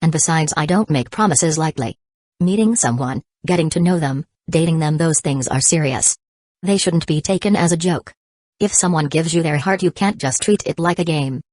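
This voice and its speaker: A woman voicing a calm, blunt young man who speaks steadily and matter-of-factly. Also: sits low, normal speed, dry recording, studio quality. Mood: steady.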